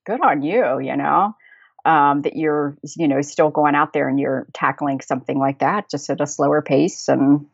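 A woman's voice: sits low, level tone, moderate pace, creaky, no room sound, muffled recording. An American woman telling travel stories as a guest. She talks chattily, laughs often and fills her sentences with fillers and restarts. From United States. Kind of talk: casual conversational storytelling.

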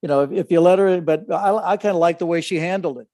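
An older man co-hosting a relaxed conversation, his speech broken by constant restarts and fillers. His voice sits a little high for a man. The sound is dry and close, with no room echo. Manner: halting, many restarts and fillers. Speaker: podcast co-host, father of the other host. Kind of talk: casual chat.

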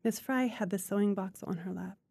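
A woman reading a literary short story aloud in a measured, unhurried way. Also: mid-range voice, creaky, darkish tone, husky, no echo. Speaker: guest reader.

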